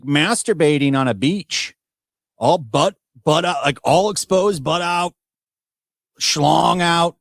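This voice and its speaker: A man with a slightly high voice rambles through a casual story. He hesitates and restarts often. The recording is dry. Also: no echo. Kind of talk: casual commentary.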